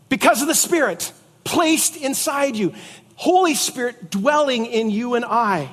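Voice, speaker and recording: A middle-aged man with a rather high voice preaches a sermon in a loose, chatty way, mixing scripture with jokes and stories. His voice rings out with a long hall reverb. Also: expressive, a little slow, fairly bright tone. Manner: conversational preaching with jokes and asides. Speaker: pastor.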